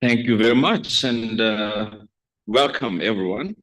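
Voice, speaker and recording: A man from South Africa giving a conference keynote as a regulator, speaking in a measured, hesitant way with many fillers. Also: fairly low pitch, a bit bright. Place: conference stage.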